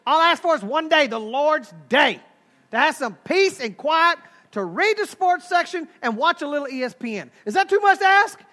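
A preacher playing a grumpy, exasperated dad. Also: male voice, very high voice, lively intonation, normal speed, pushed and bright, voice pushed up, exaggerated voice. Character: grumpy father wanting quiet on Sunday.

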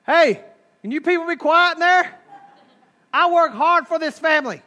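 A man acting out a grumpy father who loudly complains that he wants peace and quiet on Sunday. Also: very high-pitched, moderate pace, pitched above the performer's own voice. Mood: exasperated.

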